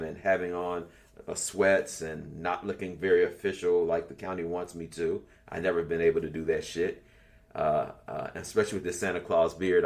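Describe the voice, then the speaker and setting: Older man in his sixties, lowish voice, casual and profane, leading an online class, storytelling manner. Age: 60s. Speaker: class leader.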